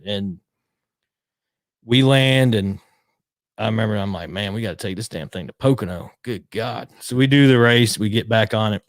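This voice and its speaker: Man, lowish voice, rambling animated storyteller, dry close mic. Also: brisk, no room sound. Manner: animated, acts out quotes, swears casually. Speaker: retired pit crew member, guest. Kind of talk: casual storytelling.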